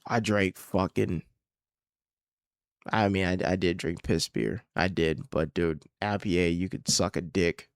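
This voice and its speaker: A young podcast host and comedian rants casually and profanely on his own solo show, rambling and exasperated. His voice is low with a steady tone and a measured pace, and the studio-quality recording is dry.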